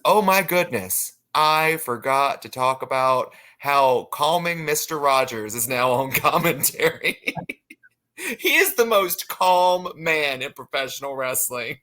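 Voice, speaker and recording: A young man chatting casually as co-host of a podcast, bright and a little high in pitch. He talks in a playful, joking way and laughs easily. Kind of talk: casual chat.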